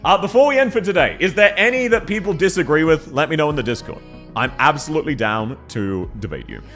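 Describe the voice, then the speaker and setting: Lively, laugh-prone male streamer. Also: a little high, quick pace. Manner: chatty, laughs often, reacts to chat. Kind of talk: casual live-stream chat. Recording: faint music behind.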